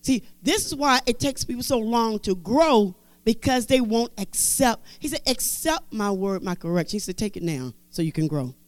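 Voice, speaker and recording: High, lively woman preaching a sermon. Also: normal speed, hardly any pauses, dry recording. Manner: emphatic preaching, repeating scripture phrases; conversational asides in casual speech. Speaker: Bible teacher.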